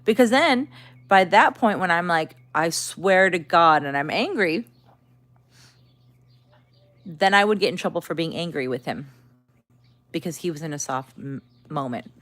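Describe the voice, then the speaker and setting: A woman's voice: lowish voice, expressive, moderate pace, long pauses. A woman chatting casually on a livestream, venting in an exasperated way and talking back to her chat.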